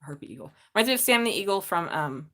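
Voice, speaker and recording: A woman's voice: on the low side, sing-song, quick pace, fairly bright tone. Woman, middle-aged, tarot reader, live stream, chatty, swears freely, laughs a lot. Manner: chatty and profane, laughs often, gushes at viewers.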